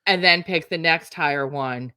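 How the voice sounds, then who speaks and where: A woman's voice: deep voice, moderate pace, bright, forceful tone, clean tone, dry recording. A woman hosting an interview podcast, affirming her guest and summing up his points in a friendly, easygoing way. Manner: affirming, laughs easily. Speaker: podcast host. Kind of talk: casual interview.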